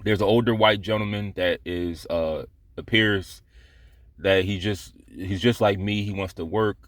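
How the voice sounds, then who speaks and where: A man's voice: low-pitched, steady tone, a little slow, dry recording. A man telling a story from his workday in a casual vlog, blunt and profane, rambling with many restarts. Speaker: vlogger telling a work story.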